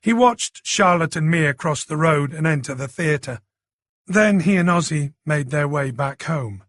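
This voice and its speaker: A man narrating a thriller audiobook in a steady, even storytelling manner. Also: on the high side, measured pace, no room sound, clean studio sound.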